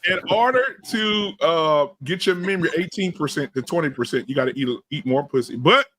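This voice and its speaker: Rowdy high-voiced podcast host. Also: male voice, brisk, fairly bright tone. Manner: rowdy, joking, laughing. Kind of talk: loud casual banter.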